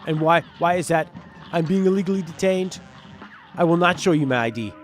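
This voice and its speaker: A man's voice: on the high side, lively intonation, brisk, faint music behind, pitched above the performer's own voice, natural voice. A man voicing an indignant adult man who argues with police and keeps repeating the same questions.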